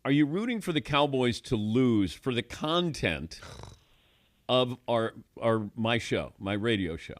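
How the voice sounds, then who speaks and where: An older man hosting a sports radio show, chatting casually with a wry, relaxed manner and frequent laughs. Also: medium pitch, measured pace, no room sound, clean studio sound. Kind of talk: casual studio banter.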